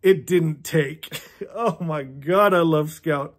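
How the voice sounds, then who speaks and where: Speaking slowly in a slightly high voice, a fifties-aged man reads a novel on his channel. He frequently chuckles and interrupts himself with fervent, sermonizing commentary in an earnest read-along style.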